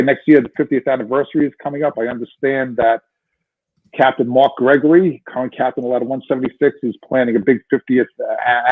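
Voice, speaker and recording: A husky-voiced man in his sixties tells his story as a podcast guest, animated and full of restarts. His voice comes through a thin, tinny phone-like line. It sounds dry, with no room around it. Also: mid-range voice, no room sound. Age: 60s. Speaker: guest, retired fire lieutenant.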